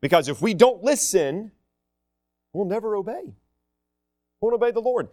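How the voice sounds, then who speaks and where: A man's voice: sits high, animated, moderate pace, darkish tone. A middle-aged man preaching a sermon in a conversational, self-deprecating way with humor.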